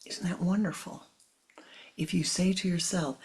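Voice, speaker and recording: A spiritual teacher speaks slowly and meditatively in a mid-range voice with fairly even intonation, often repeating phrases and slipping into soft, whispery stretches.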